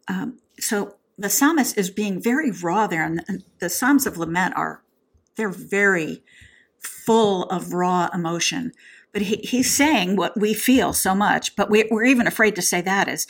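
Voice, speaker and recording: A woman's voice: mid-range voice, lively intonation, measured pace. A woman co-hosting a podcast, speaking openly and personally about her experiences, with fillers and restarts. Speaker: podcast co-host. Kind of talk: candid conversational podcast talk.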